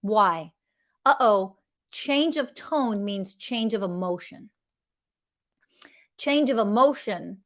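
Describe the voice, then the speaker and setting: A woman's voice: on the high side, a bit bright. A middle-aged woman hosting a podcast, speaking bluntly and emphatically about emotional health and swearing freely. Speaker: podcast host.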